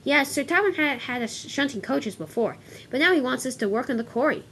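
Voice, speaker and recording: A polite young male engine from a toy-train story, eager to please, voiced by a woman. The voice is high and lively. He speaks carefully and politely. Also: fairly quick, slight background noise.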